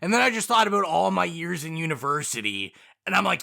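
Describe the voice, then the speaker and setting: A man's voice: a little high, sing-song, fairly quick, vocal fry, bright, forceful tone. A man co-hosting a movie podcast in casual chat, enthusiastic and gushing about what he liked. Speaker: podcast co-host.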